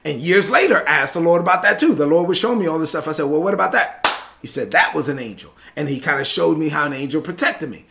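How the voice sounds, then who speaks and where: An animated male preacher telling a personal testimony, a slightly high voice with a gravelly edge. His tone is forceful and bright, and he keeps checking in with listeners. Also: fast, a little hiss or hum. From Brooklyn, New York and the Dominican Republic. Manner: animated storyteller, often asks "right?".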